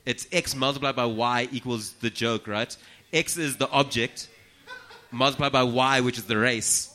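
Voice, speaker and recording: A man's voice: medium pitch, moderate pace, a little hiss or hum. A man, a comedian talking as a podcast guest in casual, profane, joking chat. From South Africa. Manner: profane, joking, animated storytelling.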